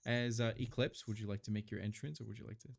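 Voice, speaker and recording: A man's voice: on the low side, flat delivery, quick pace, vocal fry. Rambling man running a tabletop game. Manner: rambling, many fillers and restarts. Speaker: game master. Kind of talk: narrating a tabletop role-playing game.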